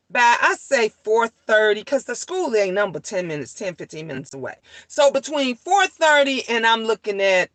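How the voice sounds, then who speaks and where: A woman in her thirties telling a family story as a profane, animated rant, repeating lines for emphasis. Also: mid-range voice, no room sound.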